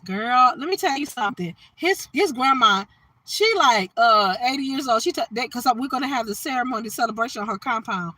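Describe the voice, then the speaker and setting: A woman's voice: a little high, lively intonation, a little fast, sharp tone, low-quality recording. A woman chatting casually on a livestream, talking animatedly with her viewers. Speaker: livestream host.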